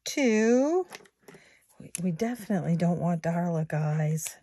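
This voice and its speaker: Soft-spoken but animated, a woman in her sixties chats slowly to her "guys" as she tackles savings challenges at home for her vlog. Her fairly low voice is captured by a phone or camera close on a table, against heavy background noise.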